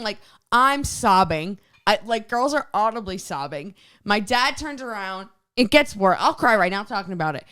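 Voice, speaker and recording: A woman co-hosting a podcast, telling a story in a casual, animated way and leaning on "like" constantly. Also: medium pitch, clear, resonant tone. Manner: animated, filler-heavy retelling with lots of "like". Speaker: podcast co-host.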